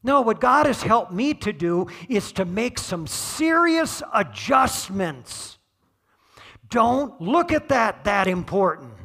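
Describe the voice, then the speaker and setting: A middle-aged man preaching a sermon, conversational and joking, rising to shouts on key points. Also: high voice, big pitch swings, slow pace. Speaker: pastor.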